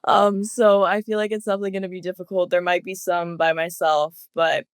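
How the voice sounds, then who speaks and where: A young woman chats as a podcast guest, giggling and filling her sentences with "like." Her voice is smooth and clear. The recording is close and dry. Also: on the low side, flat delivery, brisk, no echo. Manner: giggly, chatty, many fillers. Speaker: guest athlete. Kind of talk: casual interview chat.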